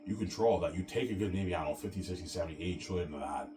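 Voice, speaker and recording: Very deep-voiced man ranting fast. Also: background noise. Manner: ranting, repetitive, profane. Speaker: video ranter. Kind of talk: angry monologue. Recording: distant from mic, music behind.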